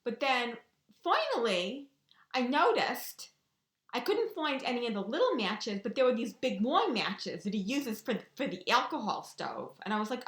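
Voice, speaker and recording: High-voiced chatty woman, echoey room. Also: sing-song, moderate pace, fairly bright tone. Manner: chatty, keeps checking in with "right?" and "you know". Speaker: vlogger. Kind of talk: casual storytelling to camera.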